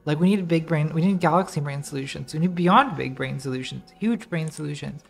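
A woman's voice: deep voice, brisk, vocal fry. Rambling woman streamer playing a game. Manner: rambling, distracted, swears and talks to herself. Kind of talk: casual gameplay commentary.

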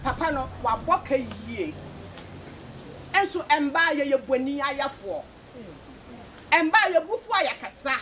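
A woman speaking as spokesperson at a traditional engagement ceremony, announcing the gifts in a lively, playful way. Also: high-pitched, measured pace, pauses often. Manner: lively, playful, joking with the crowd. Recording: noisy crowded event hall.

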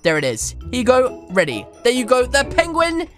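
A young woman YouTuber giving playful, animated game commentary and teasing her friends. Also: sits high, faint music behind. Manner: animated, teasing, quick switches between narration and banter. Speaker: gaming YouTuber.

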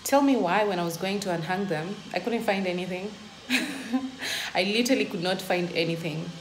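A woman's voice: lowish voice, quick pace. Exasperated young woman ranting in an echoey room. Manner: exasperated ranting, emphatic "literally". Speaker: vlogger. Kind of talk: casual vlog monologue. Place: indoors at home. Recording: echoey room, faint ambient noise.

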